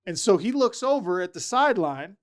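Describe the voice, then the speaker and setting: A man telling lively stories as a podcast guest, acting out the people he quotes. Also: high-pitched, brisk. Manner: animated storyteller, acts out quoted voices. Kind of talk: casual storytelling chat.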